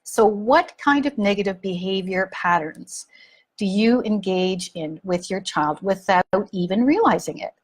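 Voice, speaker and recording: A woman's voice: medium pitch, animated, a little slow. A middle-aged woman hosting a parenting talk, speaking frankly and animatedly and repeating words for emphasis. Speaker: parenting coach and podcast host. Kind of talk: casual talk to listeners.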